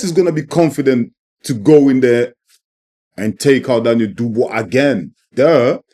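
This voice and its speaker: Emphatic man, somewhat high voice. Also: dark tone. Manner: emphatic, repeats points, ends lines with "man" and "you know what I mean". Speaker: boxing channel host. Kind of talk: opinionated sports commentary vlog.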